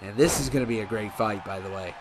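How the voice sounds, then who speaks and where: A man's voice: lowish voice, fast talker, very noisy. A man giving casual, rambling commentary on a video game wrestling series, often correcting himself as he goes. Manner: rambling, self-correcting, laid-back.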